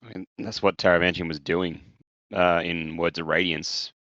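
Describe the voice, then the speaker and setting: Low male co-host, animated storyteller, dry and slightly muffled mic. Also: normal speed, no echo. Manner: animated storyteller, swears casually. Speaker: podcast co-host. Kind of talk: casual chat.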